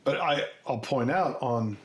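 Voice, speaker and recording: A man from north central Kansas co-hosting a podcast, explaining in a lively, joking manner. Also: mid-range voice, unhurried, slight background noise. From north central Kansas, USA. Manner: animated, explains with asides and jokes. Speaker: podcast co-host. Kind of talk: casual chat.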